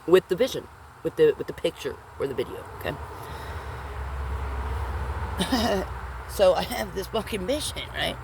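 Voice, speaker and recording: A woman's voice: on the low side, expressive, measured pace, creaky, pauses often, background noise. A woman vlogger telling a rambling personal story in casual, profane speech, often checking in with her listeners.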